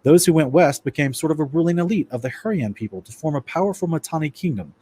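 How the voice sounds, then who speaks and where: Animated man presenting to his friends. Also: fairly high pitch, fast talker, breathy edge. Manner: animated, addresses listeners as guys, stumbles and restarts while reading. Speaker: presenter of a Bible study series. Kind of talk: casual lecture-style presentation.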